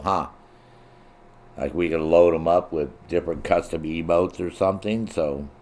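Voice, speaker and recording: Man, middle-aged, live streamer, profane, joking, slightly low pitch. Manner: crude, profane, laughing a lot, reads chat. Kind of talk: casual live-stream chat.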